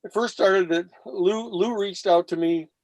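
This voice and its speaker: This panel-show guest has a high-pitched voice and a measured pace, recorded with no echo. Animated and storytelling at length, he performs other people's lines with blunt profanity.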